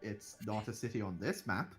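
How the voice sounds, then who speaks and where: A man's voice: on the low side, very animated, normal speed, fairly bright tone, slightly rough. A man running a tabletop session as game master, his voice swinging up and down as he argues with his players. He sounds exasperated and swears freely, with faint music in the background. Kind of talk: casual tabletop banter.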